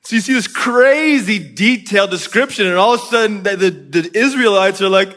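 A man's voice: sits high, normal speed, hardly any pauses, fairly bright tone. A man preaching a sermon in a conversational way, often checking in with his listeners.

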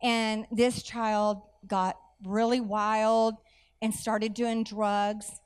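A middle-aged woman, preaching a sermon through animated personal stories with folksy asides. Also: fairly high pitch, very slow, smooth. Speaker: church speaker.

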